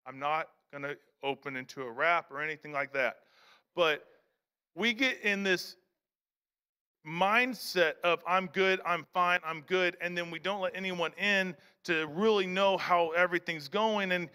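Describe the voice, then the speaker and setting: A male pastor with a high, bright voice preaches a conversational sermon. He repeats his phrases and restarts his sentences. The sound carries a long reverb from the church hall. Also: unhurried, clear, resonant tone. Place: church sanctuary.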